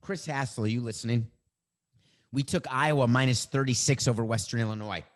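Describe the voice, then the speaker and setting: A man's voice: medium pitch, a little fast. A middle-aged man hosting a sports show, delivering an opinionated monologue in an emphatic, wry way and drawing out words for effect. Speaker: sports podcast host.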